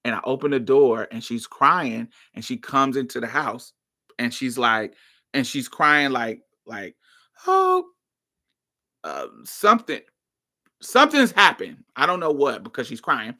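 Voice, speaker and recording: A woman's voice: extremely low pitch, moderate pace, pushed and bright. A woman hosting her podcast, telling a personal story in a casual, blunt and profane way that flares into heated outbursts. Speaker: podcast host.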